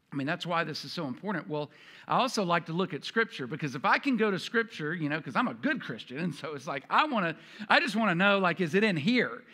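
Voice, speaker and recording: A man's voice: sits high, bright, forceful tone. A male pastor preaching a sermon in a conversational way, acting out prayers in quoted voices.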